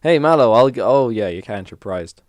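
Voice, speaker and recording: Young male gaming creator, casual play-by-play, medium pitch, dry close sound. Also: moderate pace, no room sound. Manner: animated, swearing, self-mocking. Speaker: gaming YouTuber. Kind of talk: live game commentary.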